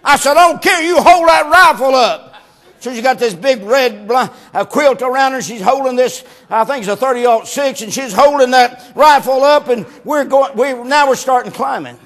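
A preacher with a strikingly high voice and a drawl. He tells a homespun story in a loose, folksy way and climbs into shouted preaching. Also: moderate pace, hardly any pauses. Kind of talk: sermon.

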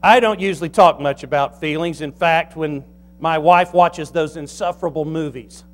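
A man's voice: a little high, normal speed. A middle-aged man, a pastor preaching a folksy, humorous sermon.

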